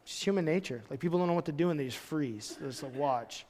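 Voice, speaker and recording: A man's voice: a little high, quick pace, a little mellow, long reverb tail. A pastor in his thirties giving a casual, storytelling sermon, full of loose conversational asides. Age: 30s. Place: church hall.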